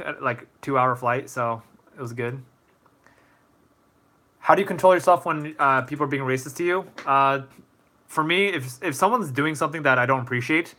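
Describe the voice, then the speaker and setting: A man's voice: fairly high pitch, bright, forceful tone. A man hosting a casual live-stream Q&A, chatty and easygoing, answering viewer comments with many fillers.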